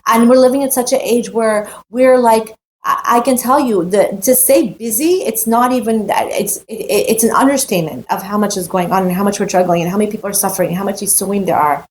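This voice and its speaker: A woman's voice: mid-range voice, quick pace, hardly any pauses, slight background noise. A woman giving a heartfelt, emphatic personal Torah talk, repeating phrases and mixing in Hebrew terms. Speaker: Torah teacher.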